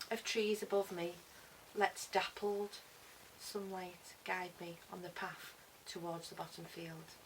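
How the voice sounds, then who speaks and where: A woman performing a spoken word story, expressive, moving between hushed and loud passages. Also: mid-range voice. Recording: distant mic with faint hiss.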